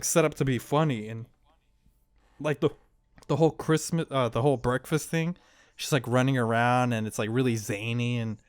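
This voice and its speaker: A man with a mid-range voice co-hosts a casual podcast, rambling through a story while laughing often and acting out the quoted lines. The recording has no room sound.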